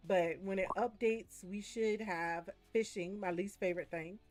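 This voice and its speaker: A woman streaming a game while chatting casually, telling animated stories and breaking often into big laughs. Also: mid-range voice, a little slow, soft background music. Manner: animated storytelling. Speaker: gaming streamer. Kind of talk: casual chat while gaming.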